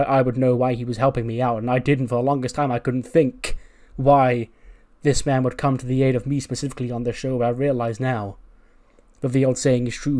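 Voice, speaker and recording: A man's voice: medium pitch, mellow, natural voice. A man doing a brash wrestler's promo. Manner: boastful, rambling.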